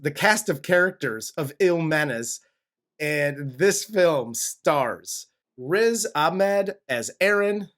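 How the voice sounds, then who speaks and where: Laid-back man hosting, higher voice. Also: fairly bright tone. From United States. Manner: laid-back, joking, laughs often. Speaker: podcast host. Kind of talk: casual chat.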